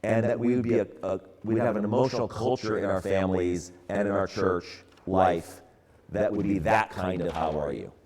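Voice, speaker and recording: An older man in his sixties, from the San Francisco area, tells a story at church in an easygoing, conversational way. His voice sits fairly low, and he talks in loose, rambling phrases with plenty of ums and you-knows. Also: moderate pace. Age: 60s. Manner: relaxed, conversational, many fillers. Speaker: church ministry speaker.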